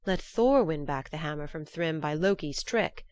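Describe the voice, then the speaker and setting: A woman's voice: deep voice, animated, moderate pace, darkish tone, no room sound, studio quality. A woman voicing a council of gods speaking as one in a storybook reading. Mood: urgent.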